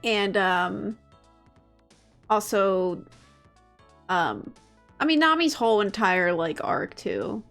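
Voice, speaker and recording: Chatty woman, soft music behind. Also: medium pitch, very animated, slow pace, long pauses. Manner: chatty, many fillers and restarts. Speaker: guest. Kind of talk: casual chat.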